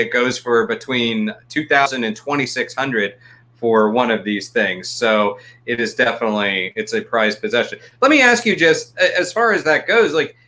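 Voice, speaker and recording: A man's voice: medium pitch, sharp tone. A man hosting a casual interview over a video call, chatty, setting up questions with asides. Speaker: host.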